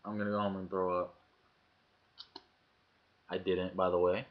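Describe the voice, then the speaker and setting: A vlogger with a low, level voice tells a story casually into his webcam at an unhurried pace. He swears freely and acts out the quoted lines of the people involved. The webcam mic gives dull, lo-fi audio.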